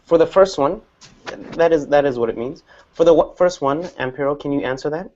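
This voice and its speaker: A man's voice: on the high side, fairly quick, a little mellow, highs cut off. A man teaching an English class, explaining patiently and repeating example words.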